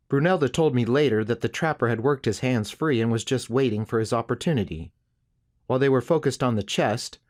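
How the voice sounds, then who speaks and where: A man narrating a first-person western novel as an audiobook, in a steady, measured storytelling manner. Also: mid-range voice.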